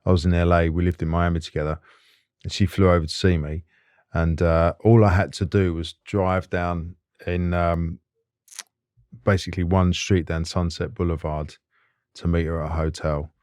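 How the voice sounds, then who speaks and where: A man hosting a podcast, talking in a relaxed, conversational way. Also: deep voice, normal speed, smooth, dry recording. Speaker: podcast host. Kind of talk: casual conversation.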